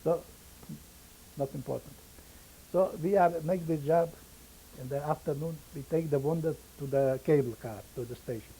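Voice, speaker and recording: An older man whose first language is Yiddish, giving oral history testimony in halting English and pausing to search for words. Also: on the high side, mellow, breathy edge, low-quality recording. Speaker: interviewee, survivor.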